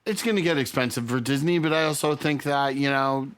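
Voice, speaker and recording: A man's voice: medium pitch, brisk, fairly bright tone, clear, resonant tone. A man co-hosting a podcast, chatting casually about movies and leaning on "like" and "you know.". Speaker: podcast co-host.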